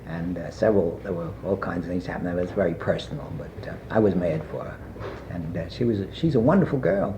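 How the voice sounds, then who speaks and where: An older man being interviewed, telling a long personal anecdote in a rambling way with many pauses and fillers. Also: low-pitched, animated, background noise. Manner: rambling anecdotal, frequent "uh" and asides. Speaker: interviewee recalling his past. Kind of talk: oral history storytelling. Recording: muffled archival tape.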